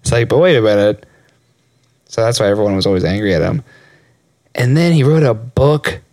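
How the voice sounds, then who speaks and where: A young man co-hosting a loose podcast, rambling and laughing as he swears his way through stories. His pitch jumps all over the place. The sound is dry and close, with no room around it. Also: expressive, brisk, darkish tone, no room sound. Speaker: podcast co-host. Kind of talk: casual chat.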